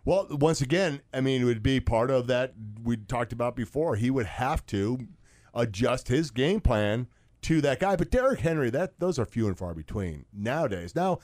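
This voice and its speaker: A man who once played football chats about the game and slips into long anecdotes. He fills the gaps with easy fillers, and his pitch moves around a lot. The sound is close and dry, with no room echo. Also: animated, moderate pace, darkish tone. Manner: rambling anecdotes with fillers and laughs. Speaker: co-host, former football player. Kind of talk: casual sports chat, storytelling.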